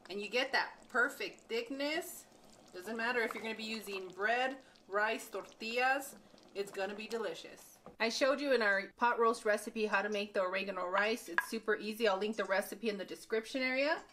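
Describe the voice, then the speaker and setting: A woman with a Texan accent hosting a home cooking tutorial in her kitchen, explaining each step in a chatty, easygoing way with soft laughs. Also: a little high, moderate pace, slight background noise. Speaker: cooking channel host and mother.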